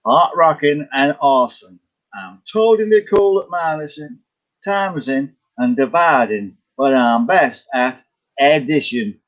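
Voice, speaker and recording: A man's voice: fairly high pitch, unhurried, fairly bright tone, lo-fi sound. A man voicing a boastful cartoonish male duck in a put-on American accent.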